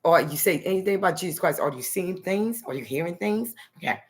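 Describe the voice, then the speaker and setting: A woman's voice: fairly low pitch, lively intonation, a little fast. A woman from New Jersey talking in a loose, rambling personal monologue to the camera, dotting her talk with "okay" and "nice". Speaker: vlogger.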